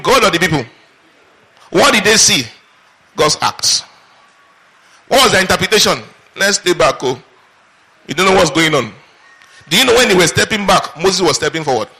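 A man preaches with a high, bright voice that carries a husky edge. He keeps throwing questions out to the congregation and waiting for them to answer. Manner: call-and-response questions to the congregation. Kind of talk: sermon.

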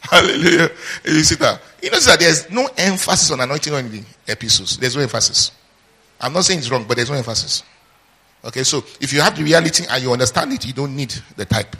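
Male pastor, bright and forceful delivery, prompts the congregation to finish his lines. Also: a little high, quick pace, breathy edge. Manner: call-and-response, asks the congregation to finish his sentences; lively teaching with asides and laughter. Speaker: preacher. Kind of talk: sermon.

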